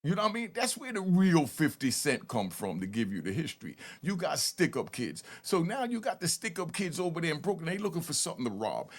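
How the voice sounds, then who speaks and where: A man in his fifties from Harlem with a New York accent, hosting and telling stories in a loose, animated way, often stammering on restarts. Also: a little high, creaky. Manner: animated, repeats "you know what I mean", stammers on restarts. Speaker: host. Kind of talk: casual storytelling commentary.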